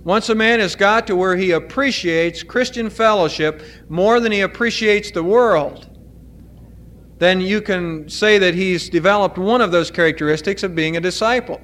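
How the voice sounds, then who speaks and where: High-voiced male pastor preaching earnestly. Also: fairly bright tone. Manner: earnest, explanatory preaching with deliberate emphasis. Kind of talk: sermon.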